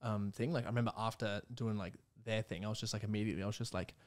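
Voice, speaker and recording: Male podcast host, easygoing and quick, slightly low voice, peppers talk with "dude". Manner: relaxed and chatty, says "dude" and "like" often. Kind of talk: casual interview chat.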